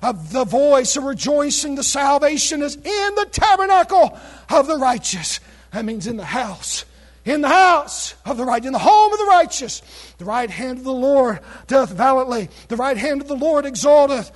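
A male preacher with a very high voice delivers a sermon that is losing its strength, since he is losing his voice. He reads old scripture in a measured way and breaks into shouted exclamations to his congregation. His high pitch stays the same throughout. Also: animated. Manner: reads scripture in King James wording.

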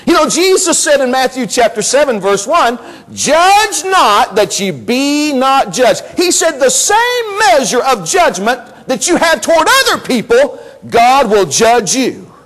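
A male preacher delivers a church sermon in a strikingly high voice. His pitch leaps and swoops as he presses his points. He repeats words as he builds to exclamations. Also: very animated, a little slow, few pauses, a bit bright, low-quality recording. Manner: emphatic preaching with repetitions and rising exclamations. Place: church service.

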